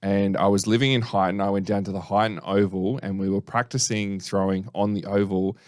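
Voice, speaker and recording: A man's voice: on the low side, fairly even intonation, brisk, no echo, clean studio sound. An Australian man co-hosting a podcast, chatty and joking as he tells stories and answers listener questions. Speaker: podcast co-host. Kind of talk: casual podcast chat.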